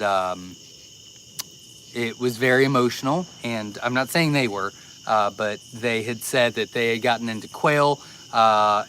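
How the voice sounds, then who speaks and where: A man's voice: mid-range voice, pushed and bright, slight background noise, poor audio. A man hosting a casual farm live stream, talking in a rambling, easily sidetracked way with lots of fillers. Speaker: farm livestream host.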